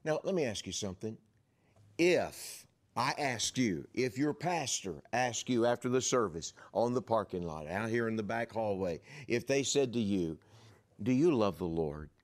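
A man preaching to his congregation as their pastor. He tells the story vividly and slips into the voices of the people in it, sometimes dropping to a whisper. His pitch rises and falls in wide, lively swings. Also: normal speed. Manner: drops to a whisper for asides. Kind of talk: sermon.

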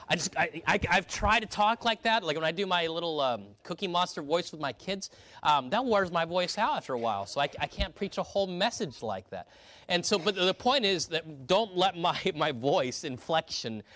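A man's voice: on the high side, sharp tone, no room sound. A man preaching an earnest sermon to his congregation, often restarting and repeating words as he reads scripture aloud. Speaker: pastor.

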